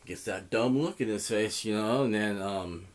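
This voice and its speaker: A vlogger with a fairly low-pitched voice tells a story at a moderate pace. He rambles casually, swears a lot and fills the gaps with "you know."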